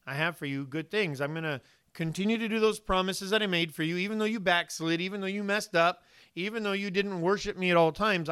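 Pastor, male, high bright clear voice, animated sermon storytelling with acted-out quotes.

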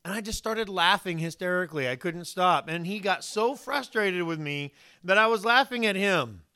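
A male pastor preaches a sermon, telling animated stories and acting out the voices of the people he quotes. He speaks high-pitched at a moderate pace.

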